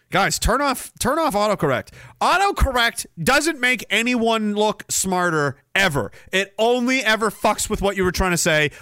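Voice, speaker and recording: A middle-aged man hosts a livestream podcast, reading chat messages aloud and riffing on them with profane mockery and loud, shouted moments. His voice sits high, and the studio-quality audio has no echo.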